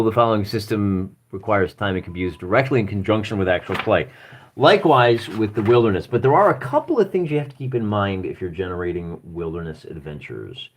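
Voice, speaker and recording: Man, Midwestern accent, livestream host, rambling, self-deprecating, animated pitch. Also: a little hiss or hum. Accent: Midwestern American. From Michigan. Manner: rambling, self-deprecating, thinks aloud while searching pages. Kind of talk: live-streamed rulebook walkthrough.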